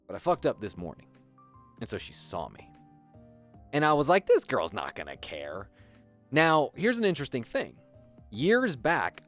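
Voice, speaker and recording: An American streamer chats casually while building on a livestream, in a mid-range voice that's a bit bright. The talk rambles, full of swearing and fillers, like a profane, meandering story.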